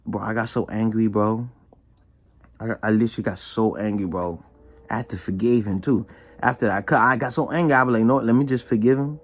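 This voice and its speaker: A young man giving a casual, emphatic spoken testimony, slangy and full of repetition. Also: fairly quick. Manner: animated and emphatic, repeats himself, slangy; drops low and quiet when reflecting. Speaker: vlogger giving a church testimony.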